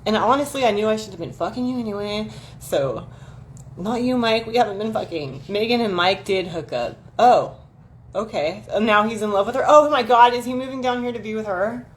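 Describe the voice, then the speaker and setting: A woman's voice: mid-range voice, fairly quick. A woman chatting casually with her viewers on a livestream, rambling and swearing freely as she gossips and answers the chat. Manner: reacts to chat messages. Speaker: livestream host.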